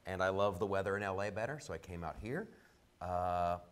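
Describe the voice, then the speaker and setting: A man from Ohio, a comedian and talk show host, talking in a loud, joking, animated way as a guest in a casual interview. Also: sits low, a little fast, smooth. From Ohio, USA.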